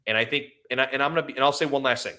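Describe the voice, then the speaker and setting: Passionate bright-voiced podcaster. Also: male voice, medium pitch, racing. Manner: impassioned, rambling, apologetic. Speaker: podcast co-host. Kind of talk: emotional casual sports talk.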